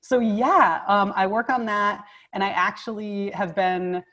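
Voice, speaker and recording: A woman guest speech therapist talking casually over a video call, enthusiastic and quick to laugh. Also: mid-range voice, a bit bright. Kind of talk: casual interview chat.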